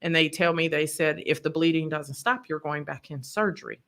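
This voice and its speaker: A deep-voiced woman talks fairly quickly with a fairly bright tone. She's a podcast guest recounting her personal story, vivid and full of feeling, and she acts out what others said.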